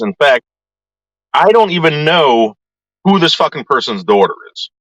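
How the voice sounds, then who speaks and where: Ranting, profane man with a lively voice. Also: fairly high pitch, a little slow, dry recording, poor audio. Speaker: YouTuber. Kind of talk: ranting vlog to viewers.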